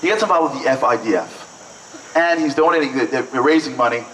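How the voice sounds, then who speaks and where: A man from Brooklyn, telling lively, joking stories to an audience with lots of "like"s. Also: mid-range voice, fast talker, slight background noise. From Brooklyn, New York. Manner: lively, joking, chatty with many "like"s. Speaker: event speaker. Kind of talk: storytelling speech to an audience. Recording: echoey hall, mic at a distance.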